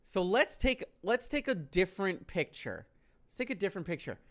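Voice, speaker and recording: A man's voice: high voice, sing-song, moderate pace. Exasperated, profane streamer man. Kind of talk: casual stream storytelling.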